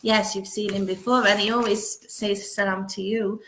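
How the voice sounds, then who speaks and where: Woman, live chat host, casual, greets viewers by name, bright forceful voice, roomy echo. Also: medium pitch, level tone, normal speed, a little hiss or hum. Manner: greets viewers one by one, reading out comments. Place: home.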